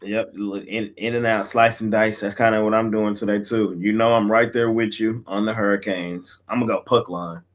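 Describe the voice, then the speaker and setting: A man hosting a sports betting picks show, talking in a casual, slangy way that often trails off quietly. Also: on the low side, flat delivery, moderate pace, hardly any pauses.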